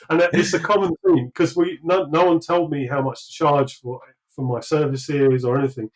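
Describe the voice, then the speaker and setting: A man's voice: on the high side, fairly even intonation, normal speed, few pauses, rough recording. A British man, likely in his thirties, talking through his career in a casual interview, rambling with many fillers and restarts. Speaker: sculptor guest.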